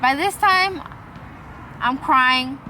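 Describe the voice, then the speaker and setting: A woman's voice: high-pitched, drawn-out words, sharp tone, slight background noise, poor audio. A young woman vlogger telling a long, rambling personal story in a casual way, swearing freely and acting out the lines of the people in it. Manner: acts out quoted dialogue.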